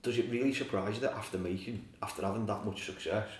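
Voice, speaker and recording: Man, very low voice, laid-back film chat, sounds distant in an echoey room. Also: fast talker, a little mellow. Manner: swears freely, storytelling. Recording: roomy, distant from mic.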